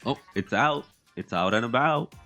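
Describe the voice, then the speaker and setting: A man's voice: mid-range voice, animated, moderate pace, pushed and bright, soft background music. A man casually commenting on his own gameplay, rambling, poking fun at himself and laughing often.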